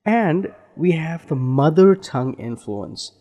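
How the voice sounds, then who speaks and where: Male accent trainer, unhurried instructional delivery, animated slightly high pitch. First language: Indian. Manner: slow, deliberate, drawn-out explanations. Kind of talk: instructional lesson.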